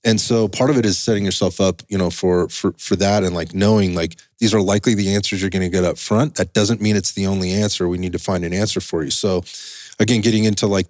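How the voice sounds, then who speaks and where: A man's voice: sits low, darkish tone, no room sound, clean studio sound. A man hosting a casual podcast chat as a strength coach, talking emphatically with frequent restarts and rambling asides.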